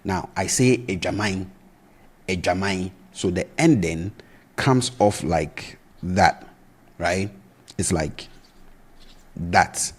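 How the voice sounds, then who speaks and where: A man with a very deep, husky voice teaches a language lesson. He speaks slowly and patiently. He repeats each word to show how it is pronounced and keeps asking "right?" to check the listener is following. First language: Twi. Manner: patient, repeats words slowly for pronunciation, often asks "right?".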